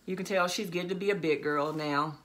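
A middle-aged woman fashion vlogger chats fairly quickly in a lowish voice with a fairly bright tone. She's eager and talkative about her shopping haul, calling her viewers guys and y'all.

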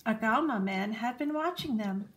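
A woman reading a children's picture book aloud in a gentle, lively storytelling manner. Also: a little high, normal speed.

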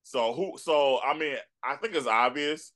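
A man, an actor and producer, telling stories as a guest in a casual chat. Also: mid-range voice. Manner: relaxed, unhurried storyteller. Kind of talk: casual conversation.

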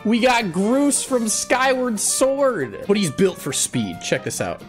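Live-streaming a video game over soft background music, a man speaks slowly in a high, sing-song voice. He's goofy and playful, bursting into laughter often and tossing out mock threats as jokes.

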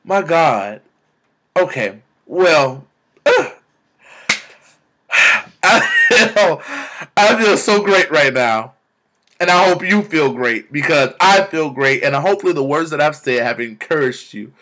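A young man vlogging about faith, exclaiming and repeating words in bursts of excitement, talking into a camera. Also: a little high, slow pace, long pauses. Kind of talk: excited spiritual vlog testimony.

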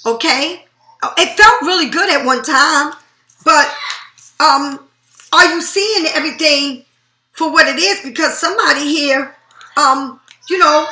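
A woman's voice: high-pitched, sharp tone, roomy sound. Blunt, swearing woman giving a tarot reading. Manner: blunt, profane, emphatic. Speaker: tarot reader.

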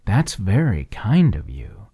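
In a soft whispered role-play, a man voices a small young meadow mouse, cautious and shrewd, a little higher than a low, husky base. The voice stays slow and hushed for a bedtime storybook. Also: huge pitch swings, dry recording, studio quality, exaggerated voice. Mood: wary. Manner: wary, polite, then firm.

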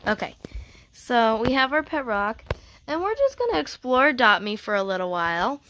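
Excited chatty young woman gamer. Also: fairly high pitch, normal speed, slight background noise. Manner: excited and chatty, laughs often; reads game dialogue aloud. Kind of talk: casual gameplay commentary.

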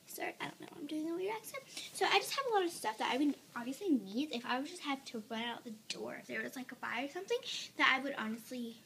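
Chatty high-voiced girl filming a room tour. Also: expressive, brisk, a bit bright, slight background noise. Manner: chatty, rambling, with many fillers and joking asides. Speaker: vlogger. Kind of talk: casual room tour vlog. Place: bedroom at home. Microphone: handheld phone.

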